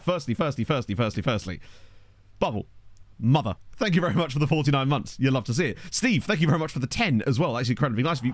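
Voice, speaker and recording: A man's voice: a little high, noisy background. A man casually commenting on his game stream, chatty and self-mocking, with a lot of swearing. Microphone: desktop condenser mic.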